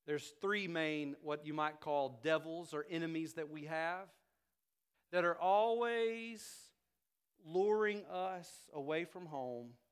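A male pastor preaching a sermon to his church, swinging from loud, emphatic climaxes down to quiet, intimate passages. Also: a little high, takes it slowly, clear, resonant tone. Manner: rises to loud emphatic preaching, then drops soft.

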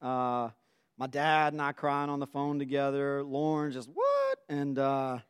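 A man's voice: mid-range voice, little pitch movement, a little slow, clean tone. A man in his forties, telling a personal story in an earnest, emotional way.

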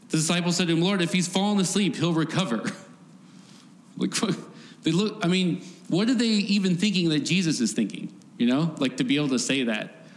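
A man giving a conversational sermon, often laughing and acting out voices from the story. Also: a little high. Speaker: preacher. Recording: faint background noise, long hall reverb.

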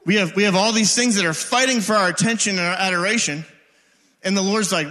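Male preacher, thirties; bright, fairly high voice, casual energetic delivery, reverberant hall. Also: a little fast. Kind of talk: sermon. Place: church hall.

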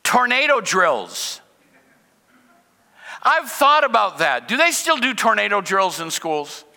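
A man's voice: sits high, very animated, slow, vocal fry, sharp tone, big-room sound. An older man preaching a sermon in a conversational way, asking rhetorical questions and mixing in humor. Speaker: pastor.

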